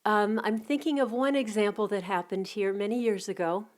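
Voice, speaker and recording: A middle-aged woman giving a reflective spiritual talk, telling anecdotes in a gentle, unhurried way with soft restarts. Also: mid-range voice, fairly even intonation. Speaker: spiritual community teacher.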